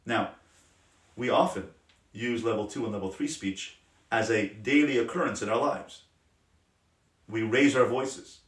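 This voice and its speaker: Rabbi guy teaching a class, passionate then soft, sounds far off in an echoey room. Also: on the low side, unhurried, pauses often. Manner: passionate, emphatic, drops to soft gentle tones. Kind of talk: Torah class on parenting. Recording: roomy sound from a distant mic.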